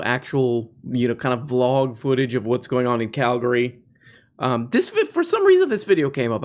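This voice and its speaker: Male podcast host, sarcastic, mocking tone, casual riffing, mid-range voice. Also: medium pitch. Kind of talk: casual comedic commentary.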